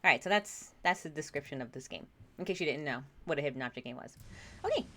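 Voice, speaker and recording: A woman's voice: low voice, expressive, fast talker, fairly bright tone. A woman casually commenting on a game she streams, chatty and self-deprecating with frequent laughs.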